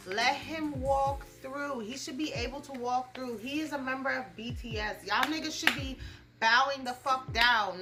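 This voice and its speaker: A young woman vlogging casually while doing her makeup, blunt and profane, full of slang and "like". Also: on the high side. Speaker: beauty and gossip vlogger.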